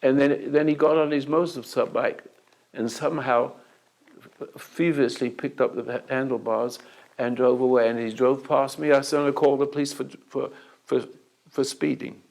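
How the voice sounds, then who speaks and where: An older man with a gravelly, creaky voice gives a talk full of anecdotes. He often stops and starts over mid-phrase. He acts out both sides of each exchange. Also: medium pitch, fairly even intonation, darkish tone, rough recording. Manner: halting storyteller with restarts, acting out the dialogue. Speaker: self-help teacher.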